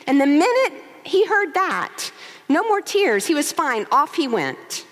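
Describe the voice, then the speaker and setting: A woman's voice: sits high, takes it slowly. A woman co-pastor in her forties preaching a sermon, telling stories and asking rhetorical questions. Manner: expressive storytelling with rhetorical questions. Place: large church sanctuary. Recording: long hall reverb.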